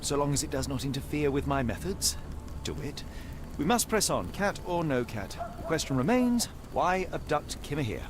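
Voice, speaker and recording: An actor playing a cool, rational Victorian detective in a game, with a crisp, dismissive delivery. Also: male voice, on the high side, big pitch swings, moderate pace, noisy background. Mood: coolly rational. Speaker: game character.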